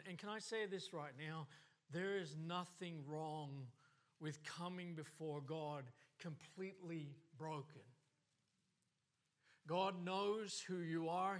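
A man preaching a sermon, passionate and earnest, with the voice rising and falling. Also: fairly high pitch. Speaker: pastor.

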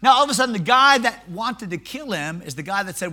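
Very high, bright-voiced male preacher. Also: fairly quick. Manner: animated, self-mocking storytelling. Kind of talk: sermon.

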